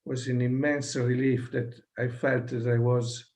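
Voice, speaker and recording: A man in his sixties with an Italian accent, whose first language is Italian, telling a personal story at a satsang over a video call, halting and full of fillers and restarts. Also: mid-range voice, flat delivery, darkish tone. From Italy. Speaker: satsang guest.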